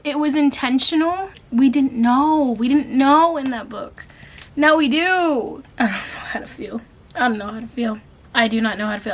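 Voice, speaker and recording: A woman reviewing a book in a casual vlog, gushing and excitable, using lots of slang. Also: a little high.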